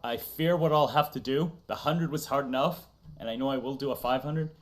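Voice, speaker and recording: A man's voice: medium pitch, fairly quick. A man hosting a casual livestream chat, talking loosely, laughing often and reading chat messages aloud. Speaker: streamer host.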